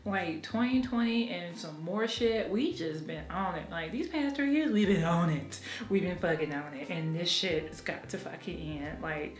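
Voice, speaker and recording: A woman's voice: on the low side, normal speed, few pauses, roomy sound. A woman talking frankly and emotionally in a candid personal vlog, swearing freely and laughing often. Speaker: vlogger.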